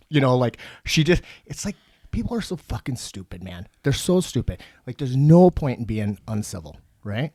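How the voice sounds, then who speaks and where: A man co-hosting a podcast, telling stories in casual, profane, animated chat. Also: mid-range voice, normal speed, no room sound, studio quality. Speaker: podcast co-host.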